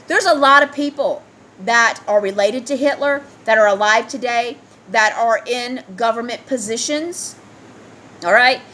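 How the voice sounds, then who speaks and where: A woman's voice: fairly high pitch, fairly bright tone. A woman in a heated, ranting solo commentary, reading news aloud and firing rhetorical questions at her listeners.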